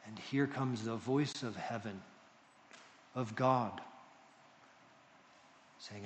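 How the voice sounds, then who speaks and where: A male pastor preaching a sermon to a congregation, moving between loud emphasis and hushed tones. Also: mid-range voice, very slow, long pauses, in a large hall, slight background noise. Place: church hall with congregation.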